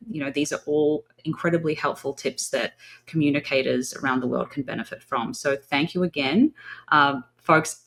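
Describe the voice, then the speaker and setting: Lady podcast host, really low voice, eager, says uh a lot. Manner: warm, enthusiastic interviewer with fillers. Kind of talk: podcast interview.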